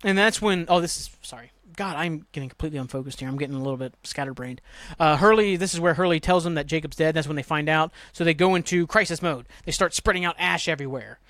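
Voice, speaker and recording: A man hosting a podcast, casually recapping a TV episode in a rambling way, swearing and jumping into quick voices for the characters. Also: on the high side, a bit bright, dry recording. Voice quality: rambling, swears, acts out lines with quick voice jumps. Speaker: podcast host.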